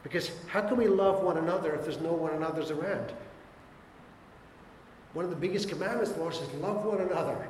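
A pastor with a fairly high, a little mellow voice preaches a sermon a little fast, pausing often, emphatic and exhorting with repeated short urgings. He's in a church hall with long, echoey reverb, and there's a little hiss or hum.

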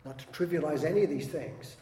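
A man preaching a sermon as pastor, animated, acting out quoted voices and swinging between loud and soft. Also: on the high side, fairly quick, echoey room, in a large hall, a little hiss or hum.

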